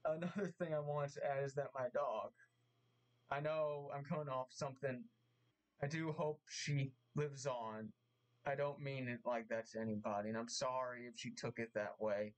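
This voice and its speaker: Man, vlogger, halting earnest apology, mid pitch. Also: steady tone, low-quality recording. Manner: halting, repeats himself, earnest and emotional. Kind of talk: apology vlog. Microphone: mask on, camera vlog.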